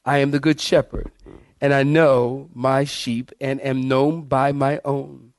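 A man's voice: medium pitch, level tone, slow, no echo, studio quality. A man preaching an expository sermon, reading scripture aloud and calling his congregation saints, with emphatic shifts in pace and volume. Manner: preacher addressing congregation as saints, asking them to follow along. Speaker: pastor.

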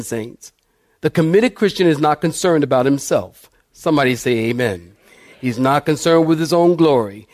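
A male pastor preaching a sermon, drawing call-and-response from his congregation and slowing down on key words. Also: fairly high pitch, a little mellow, dry recording, studio quality. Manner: call-and-response, asks congregation "what, saints?"; emphatic, slows down on key words. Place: church sanctuary with congregation.

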